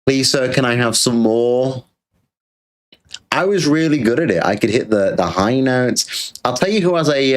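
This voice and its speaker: A British man hosting a livestream, talking in a crude, sarcastic, ranting way. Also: on the low side. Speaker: streamer host. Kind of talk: livestream rant.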